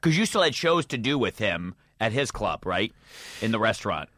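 A man's voice: on the low side, very animated, moderate pace, pushed and bright, dry recording, studio quality. A man, a comedian co-hosting a podcast, chatting casually about comedy gigs and laughing easily. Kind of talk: casual chat.

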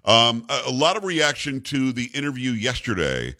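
A man's voice: medium pitch, very animated, moderate pace, bright, forceful tone. A man hosting a talk radio show, rambling and jokey, chatting casually with his co-host. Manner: rambling, jokey, self-congratulating.

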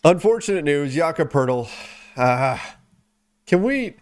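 A man's voice: fairly high pitch, expressive, slow pace. A man co-hosting a sports podcast, talking casually and upbeat with light jokes. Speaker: podcast co-host.

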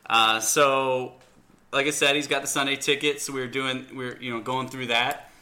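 Bright, animated male sports podcaster. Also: mid-range voice, moderate pace. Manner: animated storyteller. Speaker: podcast co-host. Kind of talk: casual sports chat.

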